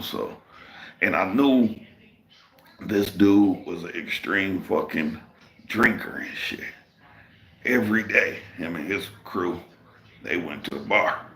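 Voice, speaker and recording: Deep gravelly guy on a livestream, swears a lot, rambles, bright edge to his voice. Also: takes it slowly. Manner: profane, rambling, drawling. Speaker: livestream host. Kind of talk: casual storytelling.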